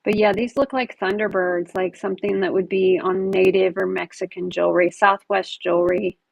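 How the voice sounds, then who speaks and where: A woman's voice: mid-range voice, fairly even intonation, normal speed, gravelly, dry recording, low-quality recording. A woman chatting casually as she sells jewelry at a live online auction, describing each piece as she handles it. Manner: chatty, describes items while handling them. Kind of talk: casual live-stream selling chat.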